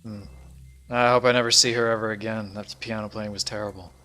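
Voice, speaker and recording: A seasoned lizard-man bounty hunter, as a man puts him on in a tabletop game. He sounds dry and skeptical, his voice dipping low at the ends of lines. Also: little pitch movement, brisk, sharp tone. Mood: disdainful. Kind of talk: tabletop role-play in character.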